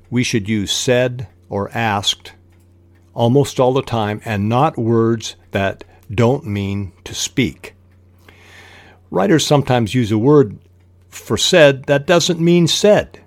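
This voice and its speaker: Male writing instructor, low voice, measured delivery, dry close-mic. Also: no room sound. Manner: measured, reads quoted passages aloud. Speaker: podcast host teaching fiction writing. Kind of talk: instructional podcast talk.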